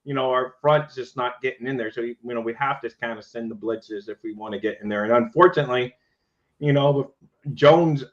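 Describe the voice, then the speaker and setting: A man's voice: mid-range voice, fairly quick, highs cut off. A man co-hosting a casual sports talk show in an easygoing, agreeable way, with many "you know" fillers. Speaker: podcast co-host.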